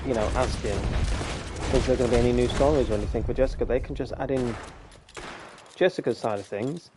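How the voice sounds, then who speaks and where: Over noisy background sound, a young man streams a game on a headset mic, rambling chattily with frequent laughter and swearing. His voice is mid-range and a little fast.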